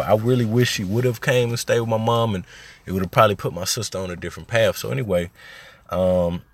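A man from Arkansas, hosting a podcast and telling family stories in a slangy, rambling way that turns heated when he is riled. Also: fairly low pitch. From Arkansas, USA. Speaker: podcast host. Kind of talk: casual storytelling monologue.

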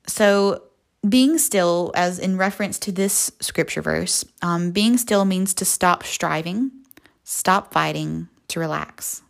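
A woman's voice: on the low side, slow pace, creaky. A young woman speaking earnestly and folksily as the host of a faith podcast. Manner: earnest, folksy, with soft laughs.

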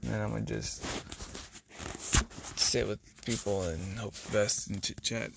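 A man's voice: fairly low pitch, measured pace, gravelly, background noise. A tired man hosting a podcast, rambling through a personal monologue with sighs and trailing thoughts, his words sometimes running together. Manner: words run together at times. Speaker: podcast host.

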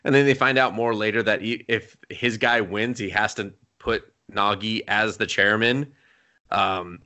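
A man's voice: fairly low pitch, moderate pace, pushed and bright. A young man on a podcast, recapping an anime in casual, profane chat and acting out the characters' lines. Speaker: podcast co-host.

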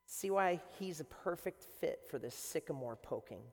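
A man preaching a sermon as a pastor, animated and swinging between quiet and loud. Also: on the high side, normal speed. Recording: long hall reverb.

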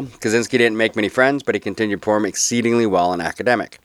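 Low-voiced chatty man. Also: fast, a bit bright, slight background noise. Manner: loose and chatty, with many ums and restarts. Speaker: podcast host. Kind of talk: casual podcast narration.

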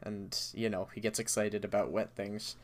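A man's voice: fairly low pitch, little pitch movement, moderate pace, a little mellow. Chatty man laughing between thoughts. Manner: chatty, laughs easily, many fillers. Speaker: podcast co-host. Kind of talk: casual chat.

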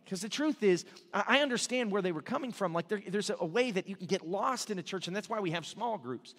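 A man's voice: high voice, expressive, quick pace, hardly any pauses, a bit bright, big-room sound. A male pastor preaching a sermon in a casual, joking storytelling way, with frequent restarts. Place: church sanctuary.

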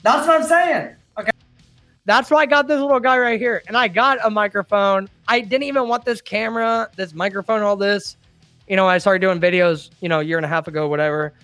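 A man who hosts and runs a trucking group streams live, reading viewer comments into a desktop microphone in a rambling, chatty way with laughs and restarts. His voice is high, pushed and bright, a little fast, with no room sound and faint music in the background.

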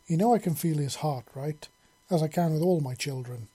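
Man reading as an alien hive queen, reassuring, calm, storybook. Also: fairly high pitch, moderate pace, husky. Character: alien hive queen, warm and wise mother.

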